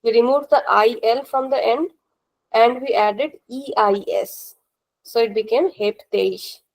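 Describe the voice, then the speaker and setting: Patient teacher, woman, slightly high voice. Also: measured pace, vocal fry, low-quality recording. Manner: patient, repeats rules and checks understanding. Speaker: language teacher. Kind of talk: live online class instruction.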